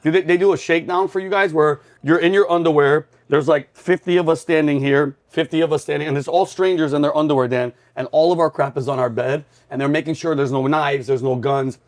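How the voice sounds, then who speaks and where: A fairly high-voiced man hosts a comedy talk show and tells stories with big, excitable energy. He slips into shouted bursts whenever he acts out a yelling drill instructor. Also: fairly quick, hardly any pauses. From New York. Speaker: podcast host and comedian. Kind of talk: animated comedic storytelling.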